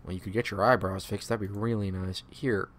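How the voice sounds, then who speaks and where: A man's voice: lowish voice, steady tone, fairly quick, fairly bright tone, a little hiss or hum. A man streaming a game playthrough, reading the game's text aloud and adding sarcastic, profane asides.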